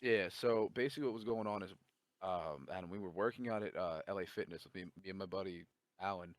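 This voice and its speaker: A man's voice: low-pitched, fairly quick, no room sound. A man telling a long story in casual chat, swearing a lot and acting out the dialogue. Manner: profane, animated storytelling with quoted dialogue.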